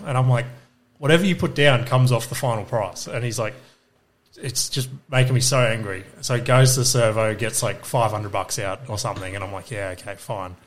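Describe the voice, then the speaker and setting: Swearing Australian man telling stories. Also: mid-range voice. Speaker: podcast co-host. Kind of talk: casual storytelling chat.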